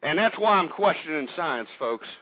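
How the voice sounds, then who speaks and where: A man's voice: a little high, expressive, normal speed, no room sound. A man hosting a talk radio show, ranting with hostility and swearing often, and getting out of breath. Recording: dull lo-fi radio broadcast.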